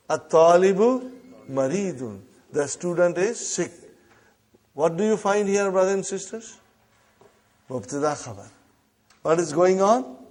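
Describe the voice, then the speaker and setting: Slow-repeating male Arabic teacher. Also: fairly high pitch, darkish tone. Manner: repeats phrases slowly, prompts the class with "huh?". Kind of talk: classroom lesson.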